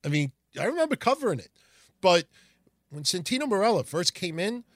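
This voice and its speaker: Guy doing a wrestling history show, talks loose and swears a lot, kinda high voice, dead dry mic. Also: fairly quick, no echo. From Italian heritage. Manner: rambling, profane, animated retelling. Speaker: podcast host. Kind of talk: casual wrestling history podcast.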